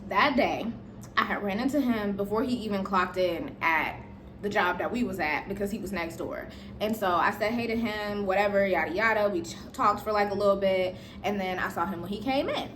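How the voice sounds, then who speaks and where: A young woman telling a story from her life in casual chat, animated and playful, jumping up in pitch for emphasis. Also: a little fast, slight background noise.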